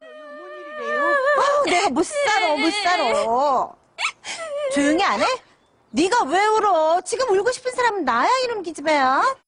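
An actress playing an exasperated middle-aged mother who scolds her crying daughter in a TV drama, shrill and rapid. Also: very animated, music in the background. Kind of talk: television drama acting.

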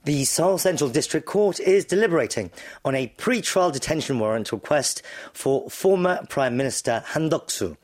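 A man hosting a news radio show in a studio, speaking with a hoarse, sore-throated voice. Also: on the high side, expressive, normal speed, darkish tone. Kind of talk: scripted news radio presenting. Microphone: studio microphone.

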